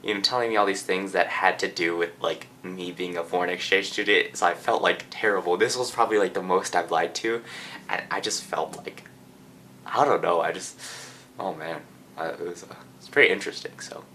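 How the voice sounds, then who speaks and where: A man's voice: sits low, brisk, slight background noise. A teenage man from Japan telling a personal story in a rambling, casual way indoors, full of fillers and restarts. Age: teens. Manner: rambling, lots of filler and restarts, soft-spoken. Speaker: vlogger.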